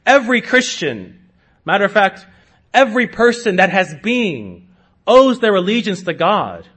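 A man preaching a sermon to his congregation, slow and emphatic, with sudden rises in pitch and loudness. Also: big pitch swings, husky. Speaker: pastor.

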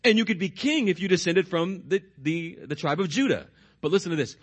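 A man preaching a sermon as pastor, putting questions to the congregation and slowing down and dropping his voice to stress key words. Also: sits high, lively intonation, breathy edge. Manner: slows and drops his voice for emphasis.

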